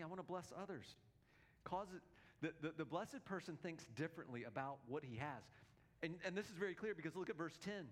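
A male pastor preaching a sermon in an earnest, emphatic way, often repeating his words. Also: fairly high pitch.

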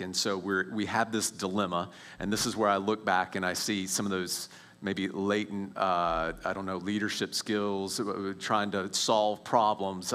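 Telling the story of his faith, a man in his forties speaks in a fairly low voice. He's animated, restarts many times, and goes quiet and hushed whenever things get tense.

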